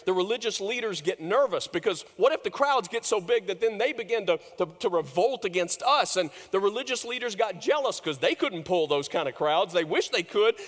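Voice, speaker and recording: A man preaching a sermon, telling the story with big swings from loud, lifted lines to hushed, low ones. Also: long reverb tail. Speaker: pastor.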